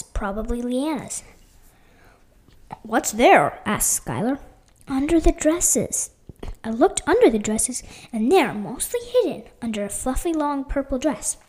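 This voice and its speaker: A woman's voice: a little high, animated, moderate pace, darkish tone. A woman reading a first-person adventure story aloud with expression, sometimes dropping to a whisper. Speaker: reader.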